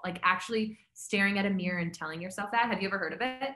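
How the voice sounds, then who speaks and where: A woman's voice: mid-range voice, fast talker, hardly any pauses, pushed and bright, reverberant. A woman talking as a health coach guest in a casual interview, chatty and upbeat, with many fillers.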